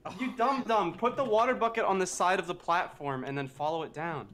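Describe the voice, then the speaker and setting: A man's voice: high voice, fairly quick. A man laughing and swearing in a casual gaming session with a crowd behind.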